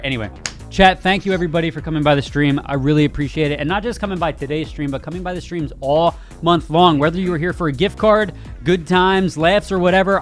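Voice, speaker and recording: A man with a slightly high voice hosts a live gaming news stream, joking with viewers, talking straight to chat, and laughing often. Faint music plays underneath his casual talk.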